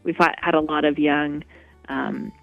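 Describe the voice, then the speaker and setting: A woman appears as a guest on a radio interview, a co-founder of a walk, and she rambles with frequent restarts. Her deep, creaky voice is steady and unhurried, and the dry recording has a dull lo-fi radio quality.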